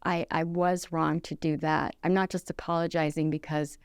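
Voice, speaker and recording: A woman's voice: low-pitched, moderate pace, clear, resonant tone, no room sound, clean studio sound. A middle-aged woman giving relationship advice in a casual conversation, earnest and instructive, often acting out quoted apologies. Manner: acts out quoted apologies in lively voices.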